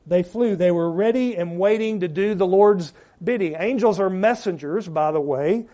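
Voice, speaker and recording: A man delivers a sermon with a high-pitched but warm, dark-toned voice. He leans hard into repeated words for emphasis, then lets his phrase endings sink low and quiet. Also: normal speed. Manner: preaching with rising emphasis and trailing drops at phrase ends. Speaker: pastor.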